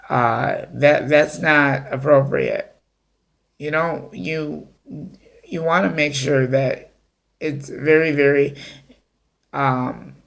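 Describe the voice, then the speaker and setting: Guy vlogging advice, slow and halting, lots of ums, gravelly voice. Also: mid-range voice, a bit bright. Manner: halting, many fillers and restarts. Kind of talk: unscripted talk to camera.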